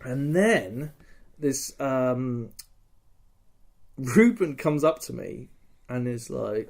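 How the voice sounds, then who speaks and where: A man's voice: medium pitch, takes it slowly, vocal fry, long pauses. A man hosting a podcast, casually recounting a live-action game weekend, laughing and swearing as he acts out quotes. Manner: lively storyteller, laughing, swearing, acting out quotes. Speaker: podcast host.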